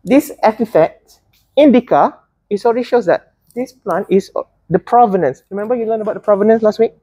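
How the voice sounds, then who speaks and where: A woman's voice: medium pitch, fairly quick, dark tone, husky, dry recording, dull audio. A woman teaching a botany class, chatty and teasing, often restarting her words. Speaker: botany lecturer. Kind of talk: classroom lecture.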